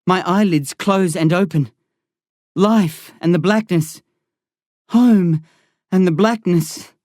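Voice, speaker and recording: Slow, low-voiced woman narrating a story. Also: darkish tone, no room sound, clean studio sound. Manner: slow, tense, dramatic reading. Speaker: audiobook narrator. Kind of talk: scripted first-person narration.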